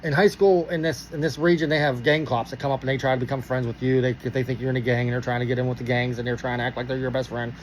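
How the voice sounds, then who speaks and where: Fast-talking profane man from Pittsburgh. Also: mid-range voice, slight background noise, poor audio. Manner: profane, animated, acts out dialogue. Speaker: storyteller. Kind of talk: casual storytelling.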